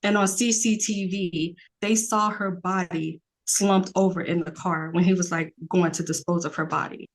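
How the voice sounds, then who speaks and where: A woman's voice: fairly low pitch, fairly even intonation, moderate pace, hardly any pauses. A woman, a podcast guest talking earnestly in a rambling casual way, with many fillers.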